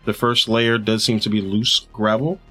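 A man's voice: fairly low pitch, flat delivery, normal speed, sharp tone, soft background music. A man running a tabletop game as game master, describing scenes casually with fillers.

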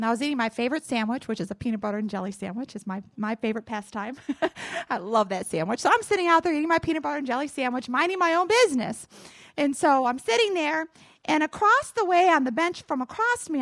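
A woman's voice: high voice, a bit bright, no echo, studio quality. A woman pastor preaching a sermon, moving between prayer and storytelling, earnest and encouraging, often calling on "Father" and "Lord".

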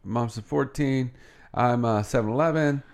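A man's voice: mid-range voice, normal speed, darkish tone. A man co-hosting a morning show, bantering in an easygoing, joking way. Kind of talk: casual chat.

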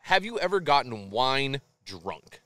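A man guesting on a beer podcast, telling animated stories and swearing freely. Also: medium pitch, a little slow, no echo. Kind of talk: casual chat over beers.

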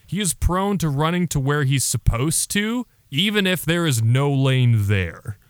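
A man co-hosting a casual sports podcast, chatty and animated. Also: on the high side, measured pace, smooth, dry recording, studio quality. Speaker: podcast co-host.

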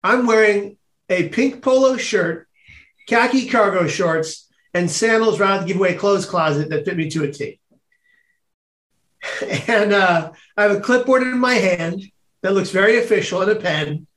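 A man telling a personal story as a podcast guest, animated and laughing often. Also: high-pitched, normal speed, roomy sound. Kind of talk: storytelling in casual chat.

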